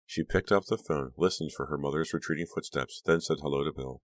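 Very deep male audiobook narrator. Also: fairly quick, dry recording.

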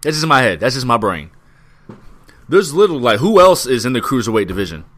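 A man's voice: mid-range voice, big pitch swings, a bit bright. A man co-hosting a wrestling podcast, talking casually and profanely, drawing out his recaps. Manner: laid-back, profane, drawn-out recaps. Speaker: podcast co-host.

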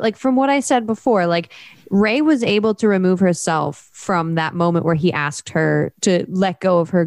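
A woman's voice: lowish voice, no room sound. Woman, young adult, podcast co-host, enthusiastic, filler-heavy, dry. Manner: enthusiastic, gushing, frequent "like" fillers. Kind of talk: casual chat.

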